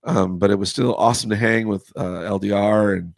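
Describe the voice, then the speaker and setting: A man's voice: on the low side, steady tone, a little fast, gravelly, no echo. A man co-hosting a casual car show chat, rambling with many restarts and losing his voice. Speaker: co-host, custom car builder.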